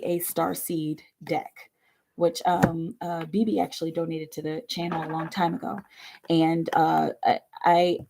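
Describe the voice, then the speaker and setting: Gravelly low-voiced woman reading tarot. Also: mellow, slight background noise. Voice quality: tired, bass-heavy voice. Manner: rambling and chatty, with many fillers and restarts. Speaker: tarot reader. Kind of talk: live online tarot reading.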